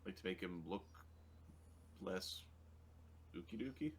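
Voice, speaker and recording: Low-voiced man with wry jokes. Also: measured pace, a little hiss or hum. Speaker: player. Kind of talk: casual tabletop game chat.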